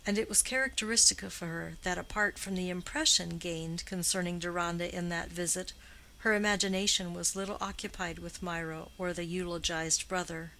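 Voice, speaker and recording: A woman narrating a classic novel in a measured, even storytelling manner. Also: fairly low pitch, low-quality recording. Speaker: audiobook narrator. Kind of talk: scripted literary narration.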